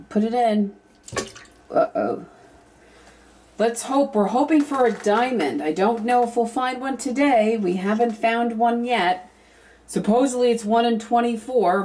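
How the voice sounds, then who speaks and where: A young woman with a somewhat high voice talks at an unhurried pace, narrating her own unboxing vlog. She chats loosely and thinks aloud as she goes, and now and then breaks into excited squeals. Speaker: YouTube vlogger.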